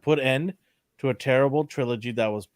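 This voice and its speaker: A man's voice: mid-range voice, a little fast, no room sound, studio quality. A man co-hosting a pop culture podcast, talking in an opinionated, ranting way in casual chat. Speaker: podcast co-host.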